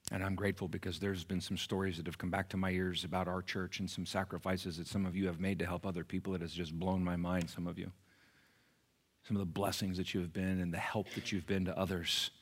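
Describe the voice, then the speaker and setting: Earnest preacher with a low voice. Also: male voice, breathy edge. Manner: earnest, shifts from raised emphasis to hushed near-whispers. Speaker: pastor. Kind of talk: sermon. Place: church sanctuary.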